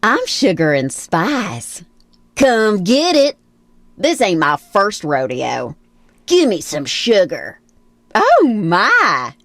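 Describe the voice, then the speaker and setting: A woman's voice: medium pitch, wildly swooping pitch, takes it slowly, a bit bright, dry recording, full character voice. A woman voicing a sweet but sassy Southern belle, drawling her quips. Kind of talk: game character voice lines.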